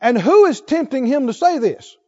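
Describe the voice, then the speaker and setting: A man preaching a sermon, emphatic, swinging from loud exhortation to hushed intensity. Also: very high voice, very animated, normal speed. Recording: dull lo-fi sermon recording.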